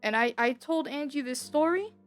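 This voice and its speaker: A woman's voice: sits high, normal speed, soft background music. Bitter, rambling young woman. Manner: rambling, repeats herself, swears freely; bitter and emotional, voice rising when upset. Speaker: streamer. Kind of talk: casual personal storytelling.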